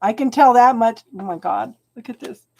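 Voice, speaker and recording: A woman's voice: on the high side, moderate pace, creaky. A woman giving live tarot readings and chatting with viewers, calling them hon and getting emotional over the cards. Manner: chatty, warm-hearted, calls viewers hon. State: tearful, emotional. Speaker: tarot reader.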